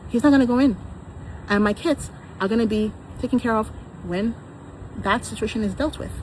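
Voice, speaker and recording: A woman's voice: fairly high pitch, brisk, a little mellow, a little hiss or hum, low-quality recording. A woman in her thirties talking in a personal vlog, insistent and defensive, repeating her points. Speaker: vlogger.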